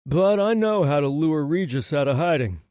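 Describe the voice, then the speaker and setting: A man's voice: a little high, expressive, moderate pace, darkish tone, no room sound, studio quality, pitched above the performer's own voice, close to an everyday voice. A male audiobook narrator voicing a confident demon hunter, firm and matter-of-fact. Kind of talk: audiobook character voice.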